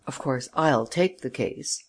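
In an audiobook reader's voice, a shaken junior lawyer speaks in urgent bursts. He is an emotional gentleman of the old school, pushing hard to defend a client. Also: medium pitch, lively intonation, slow. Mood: brisk. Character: agitated middle-aged male junior lawyer. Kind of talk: audiobook character reading.

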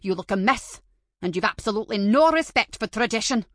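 A woman's voice: medium pitch, expressive, a little fast, a bit bright, no room sound, studio quality, close to an everyday voice. A woman voicing a spiteful, bullying older female teacher with a stern, contemptuous way of scolding.

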